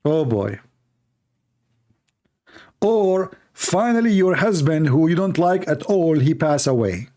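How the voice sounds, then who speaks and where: A man's voice: fairly high pitch, expressive, a little slow, hardly any pauses, a little mellow. A man hosting his own online show in a sarcastic, mocking monologue, speaking English with non-native grammar.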